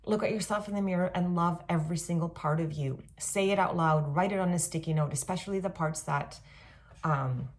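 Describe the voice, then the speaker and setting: A woman in her thirties talking casually and reflectively in a self-help monologue, often pausing on "um" and "like". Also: fairly low pitch. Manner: gentle, reflective, with frequent "um" and "like".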